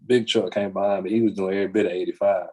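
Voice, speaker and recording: A man co-hosting a podcast, chatting casually in an animated way and laughing often. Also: low-pitched, very fast. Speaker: podcast co-host. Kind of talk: casual chat.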